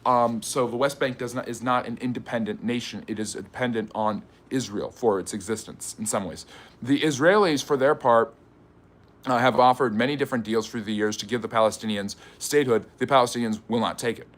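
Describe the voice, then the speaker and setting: A man's voice: medium pitch, a little fast. A man hosting a live history stream, reading viewer questions aloud and answering them in a chatty way. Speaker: history channel host.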